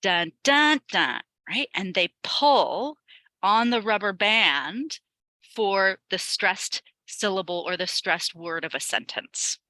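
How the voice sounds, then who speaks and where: A woman's voice: mid-range voice, animated, takes it slowly, bright, forceful tone, no echo, low-quality recording. A woman teacher presenting an online training webinar for other teachers, chatty and upbeat, with many ums and light laughs. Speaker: ESL teacher leading a teacher webinar.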